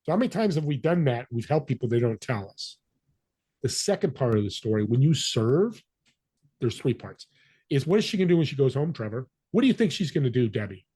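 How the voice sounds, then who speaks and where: A husky-voiced man tells a story as a podcast guest, switching into the voices of the people he quotes. His pitch sits in an ordinary middle range. The sound is dry and close, with no room around it. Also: sing-song, brisk, mellow, no echo. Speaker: podcast guest, business connector. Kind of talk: storytelling interview talk.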